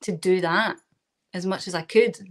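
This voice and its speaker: A woman's voice: lowish voice, slow pace. A woman with a Glaswegian Scottish accent, a guest actress and voice coach speaking eloquently over a video call, laughing often. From Scotland. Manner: eloquent, laughs often, frequent "like" and "you know". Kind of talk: casual video chat interview.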